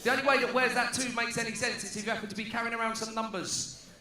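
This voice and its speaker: High-voiced cheeky comedian with a southeast English accent. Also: male voice, steady tone, racing, echoey room, heavy background noise. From Luton, England. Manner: cheeky, playful, calls to the crowd. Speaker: stand-up comedian. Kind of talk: stand-up routine. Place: large stadium conference venue.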